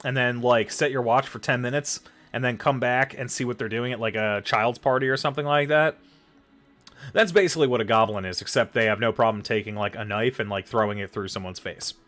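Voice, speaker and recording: A man walks through how to prep a tabletop game session in a loose, rambling way. He curses casually and fills pauses as he types his notes. Faint music plays underneath. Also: mid-range voice, fairly even intonation, a bit bright. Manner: loose and profane, swearing casually; thinks aloud, lots of fillers and trailing off. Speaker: dungeon master giving advice. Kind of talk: casual tutorial while typing notes.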